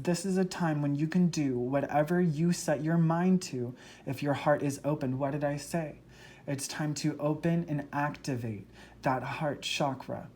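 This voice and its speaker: This is a tarot reader and medium talking straight to viewers, earnest and emotional, gushing over every card. The pitch sits in the middle range, and the delivery races forward in excited bursts. A faint background hum is present throughout. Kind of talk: spoken tarot reading to viewers.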